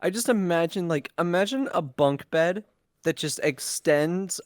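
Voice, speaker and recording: A man's voice: on the high side, animated, a little slow, no echo. A man co-hosting a casual podcast, joking and asking questions. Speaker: podcast co-host. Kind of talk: casual chat.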